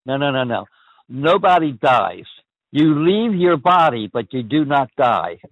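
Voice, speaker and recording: A man's voice: mid-range voice, big pitch swings, unhurried, no echo. An older man hosting a call-in show, speaking ponderously and often restarting his phrases. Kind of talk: call-in radio chat. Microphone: phone. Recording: dry, phone-like line.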